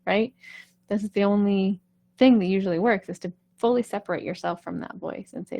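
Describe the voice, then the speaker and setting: Woman vocal coach, casual live-stream talk, vocal fry, dry close mic. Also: medium pitch, a little fast, warm tone, no room sound. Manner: chatty, reassuring, keeps asking "right?".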